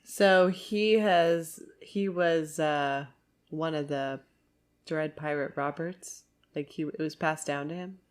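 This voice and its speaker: A woman's voice: deep voice, slow pace. A woman co-hosting a podcast in casual chat, speaking hesitantly, trailing off, and laughing along. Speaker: podcast co-host.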